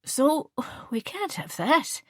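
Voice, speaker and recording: Audiobook figure: a woman doing a stout, tipsy Irish mum from Kerry, high-pitched, slurring, bossy. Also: sing-song, slow pace, no echo, clean studio sound, full character voice.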